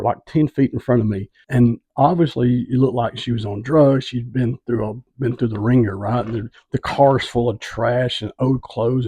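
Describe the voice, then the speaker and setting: A man's voice: medium pitch, warm tone, breathy edge, no echo. A man who does street evangelism tells a personal testimony story in a loose, conversational way, often checking in with listeners. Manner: conversational, asks listeners "right?".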